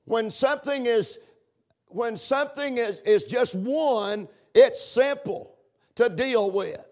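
A man's voice: extremely high pitch, slow pace, darkish tone. A man preaching a sermon in a chanting, sing-song cadence, breaking in with amens.

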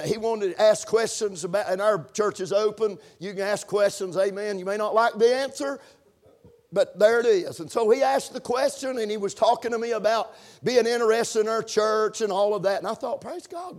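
A man preaching a sermon, punctuating his points with amens and building to shouted emphasis. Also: high voice, moderate pace. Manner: preaching with call-and-response amens, rising to shouts. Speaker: pastor.

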